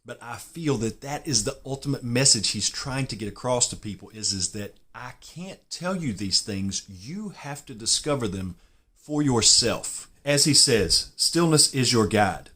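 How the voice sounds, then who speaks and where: A man's voice: medium pitch, animated, a little slow, bright, forceful tone, slightly rough. A man with a Southern US drawl hosting his own golf channel, explaining himself in a rambling, self-deprecating way. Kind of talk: casual explainer monologue.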